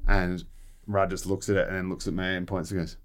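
A man with a fairly low voice, chatting casually about politics on a panel show. He tells stories with energy and drops into put-on voices along the way. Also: a little fast. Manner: animated storyteller, puts on voices. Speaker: podcast panelist.

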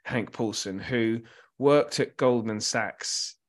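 A man's voice: medium pitch, slow. A man co-hosting a film club discussion, talking casually and restarting his sentences often. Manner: rambling with many restarts.

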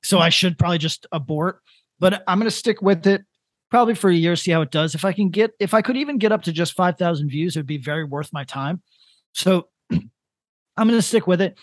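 A man in his thirties co-hosting a casual comedic podcast, rambling in a deadpan way with lots of restarts. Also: high voice, brisk, no room sound. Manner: rambling, deadpan, building to a prank. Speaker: podcast co-host.

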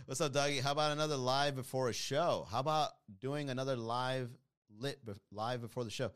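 Hosting a podcast live stream, a man with a mid-range, clean-toned voice talks at a moderate pace. He chats casually with viewers and reads their comments, animated and joking, mocking them with playful put-on voices.

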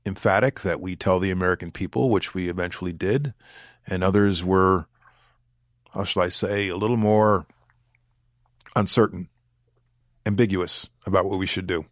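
Deep-voiced man, measured and deliberate. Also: no echo, studio quality. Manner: deliberate, weighs words, pauses to choose phrasing. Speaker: former government official, interview guest. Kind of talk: measured interview answers.

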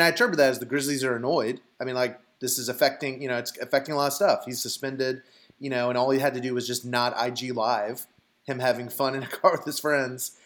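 A man's voice: medium pitch, a bit bright. A man co-hosting a podcast who thinks aloud in casual sports chat, with many fillers and restarts. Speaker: podcast co-host.

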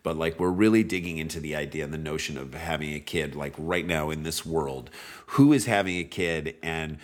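A middle-aged man with a low voice chats as a podcast guest. He is from St. Louis. He tells stories in a casual, animated way and slips into the voices of the people he quotes. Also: normal speed. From St. Louis, USA. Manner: animated, acts out quoted speech.

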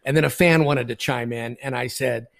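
A man's voice: mid-range voice, normal speed, gravelly, a bit bright. A man, a baseball umpire and podcast co-host, telling a story in blunt, profane, laughing casual chat.

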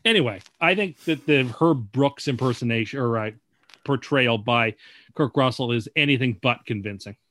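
A man's voice: medium pitch, moderate pace, a bit bright. A man co-hosting a casual podcast chat, dry and contrarian in his opinions. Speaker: podcast co-host.

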